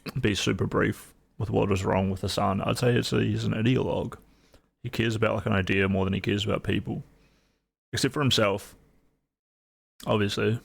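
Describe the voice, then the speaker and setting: Young kiwi man, gravelly voice, lowish, laid-back rambling stream chat. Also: steady tone, brisk, pauses often. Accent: New Zealand. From New Zealand. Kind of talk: casual stream commentary.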